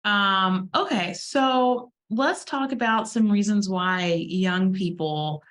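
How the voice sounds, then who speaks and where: A woman's voice: medium pitch, takes it slowly, fairly bright tone. A woman hosting a casual podcast, chatty and laughing easily as she interviews a guest. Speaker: podcast host and law firm owner.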